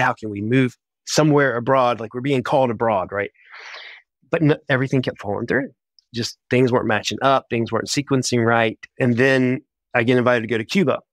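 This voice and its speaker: A man, a missionary guest on a podcast, telling his story in a casual, animated way. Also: mid-range voice, no echo. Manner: animated, chatty, quick bursts.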